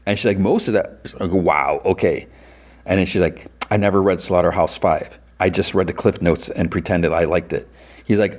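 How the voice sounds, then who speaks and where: A man hosting a podcast, casually retelling a TV episode scene by scene and quoting the characters in a raised voice. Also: a little mellow. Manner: retells scenes with quick quoted lines, pitching up for characters. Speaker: podcast host.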